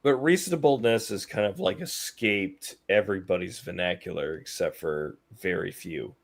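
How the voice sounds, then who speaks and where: A man's voice: low-pitched, normal speed. A man co-hosting a casual livestream chat, laid-back and stammering on restarts.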